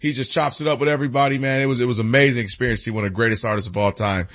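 A man's voice: mid-range voice, fairly even intonation, racing, fairly bright tone, lo-fi sound. A man co-hosting a radio show, chatting in a laid-back, slangy way. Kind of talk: casual sports radio chat.

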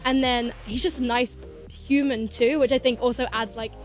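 A woman's voice: fairly high pitch, fairly even intonation, normal speed, soft background music. A young woman, a singer chatting as a guest in a studio interview, bubbly and gushing. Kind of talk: casual interview chat.

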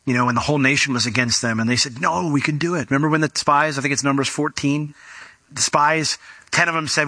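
Bright, dry-sounding male preacher. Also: a little high, fast talker, no echo. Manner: conversational, acts out quoted voices. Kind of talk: sermon.

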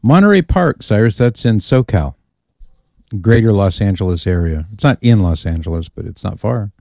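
Male radio host, low mellow voice, dry studio sound, easygoing banter. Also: normal speed, no room sound. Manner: relaxed, bantering, gives phone number. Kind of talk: casual radio chat.

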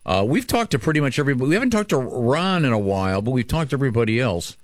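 A male radio host asks easygoing, curious questions in a relaxed interview. His voice sits at a middle pitch, and the sound is dry and close with no room around it. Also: rapid-fire, dry recording. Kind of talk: casual interview.

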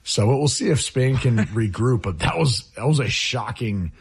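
A man co-hosting a sports radio show, chatty and teasing, with quick asides. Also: mid-range voice, expressive, creaky, husky. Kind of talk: casual sports talk. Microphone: studio microphone.

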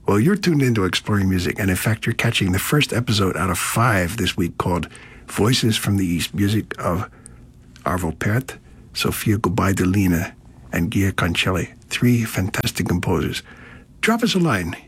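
Man, classical radio host, low husky voice, measured friendly delivery. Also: expressive. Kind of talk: classical music radio presenting.

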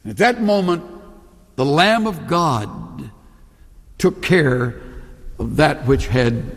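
A man's voice: a little high, gravelly, husky, big-room sound. A man preaching a sermon, reading and explaining scripture with earnest, emphatic delivery. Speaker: pastor.

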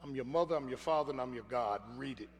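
A man's voice: mid-range voice, quick pace, voice pushed down, natural voice. A man voicing a stern male army drill instructor who barks blunt orders, in an echoey hall. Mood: commanding. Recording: echoey hall, faint hum.

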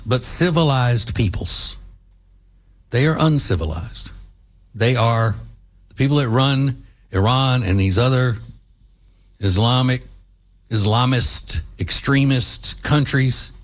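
A man from the United States hosting an opinionated commentary monologue, emphatic and combative, hammering his points home through repetition. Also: mid-range voice. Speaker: political commentary host.

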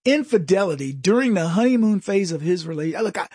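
A middle-aged man delivering a comedic political monologue, mocking and jokey, with quick asides and mimicked voices. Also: sits high, lively intonation, darkish tone, slightly rough, no room sound, studio quality. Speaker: commentary host.

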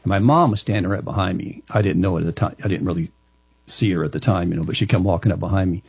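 A lower-pitched man speaks as an interview guest, telling a personal story in a halting way that keeps circling back on itself. His voice is husky. The recording is dry and close. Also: darkish tone, dry recording. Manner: halting, with frequent restarts.

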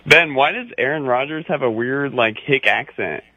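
A man's voice: mid-range voice, moderate pace, breathy edge, no echo. A man from Orange County calling a radio show, ribbing the host in a chatty way with lots of "you know". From Orange County, California. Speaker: caller. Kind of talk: needling call-in banter. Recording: phone line, dry.

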